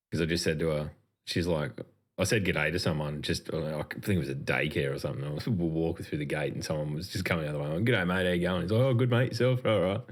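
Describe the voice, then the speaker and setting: An Australian man in his thirties, a podcast co-host, teasing his friends in casual chat and laughing often. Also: extremely low pitch.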